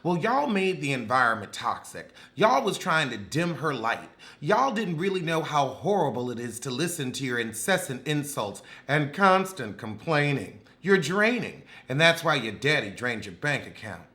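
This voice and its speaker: A man's voice: fairly high pitch, sing-song, normal speed, few pauses, pushed and bright. A man recapping a reality show with sassy, dramatic, cutting humor.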